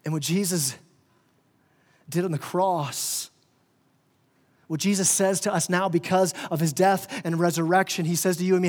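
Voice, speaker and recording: High-voiced impassioned male pastor. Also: steady tone, normal speed, long pauses, big-room sound. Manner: impassioned, rising and falling in volume, stammering restarts. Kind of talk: sermon. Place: church sanctuary.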